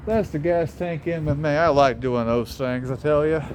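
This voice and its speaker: A young man with a Southern accent walks down a city street talking to his phone in a casual vlog monologue, rambling, reflective, and swearing offhandedly. His voice is fairly high and darkish at a normal pace, with faint street and traffic noise in the background.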